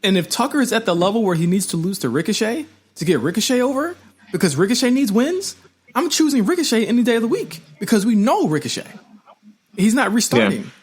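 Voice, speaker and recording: A man's voice: sits high, big pitch swings, quick pace, breathy edge. A man hosting a wrestling podcast, talking emphatically and repeating himself for effect. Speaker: podcast host. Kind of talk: casual wrestling chat.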